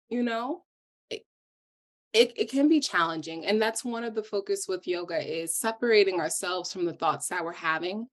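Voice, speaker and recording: A woman yoga instructor explaining her practice in a calm, measured way as a podcast guest. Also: mid-range voice. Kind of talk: calm explanatory interview talk.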